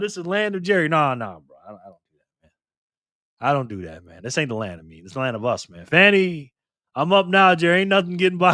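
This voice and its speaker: A man's voice: high voice, a bit bright, dry recording, studio quality. Joking, slangy male stream host. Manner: laughing, teasing, slangy banter. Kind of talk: casual chat reading live comments.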